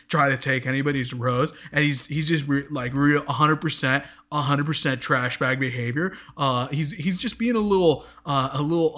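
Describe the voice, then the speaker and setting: A man putting on a young bro-ish guy who sounds like he just ate very hot wings, halting and repeating himself. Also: fairly high pitch, fairly bright tone, close to an everyday voice. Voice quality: strained, burning-mouth voice as if after hot wings.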